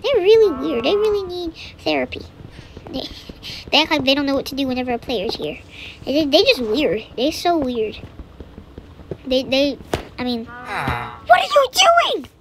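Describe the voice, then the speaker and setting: A woman with a high, bouncy voice talks her way through a video game in a loose, playful ramble. She repeats words to herself and slips into quiet whispered asides. Clear background noise sits under the recording. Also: big pitch swings, measured pace, long pauses. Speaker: gameplay commentator. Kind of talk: casual let's-play commentary.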